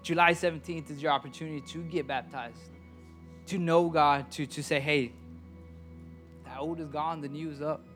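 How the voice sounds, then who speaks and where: A young man preaching a sermon in a loose, conversational way. His voice sits a bit high for a man. He often trips over his words and repeats them as he goes. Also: fairly even intonation, normal speed, long pauses, fairly bright tone, soft background music. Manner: stammering repetitions, conversational preaching. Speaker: pastor.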